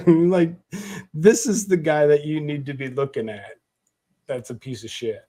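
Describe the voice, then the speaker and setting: A man's voice: fairly high pitch, unhurried, dark tone. A man hosting a casual podcast chat, tipsy, with a gurgly frog in his throat, laughing often and swearing freely. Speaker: podcast host.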